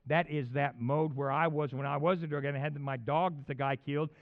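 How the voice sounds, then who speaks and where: A man preaching in a loose, conversational way, his fairly high voice jumping into loud, excited bursts and dropping back to near-murmurs. The recording is dull and lo-fi, with muffled highs. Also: fairly quick. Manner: animated, conversational preaching with sudden loud peaks and acted voices. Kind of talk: sermon.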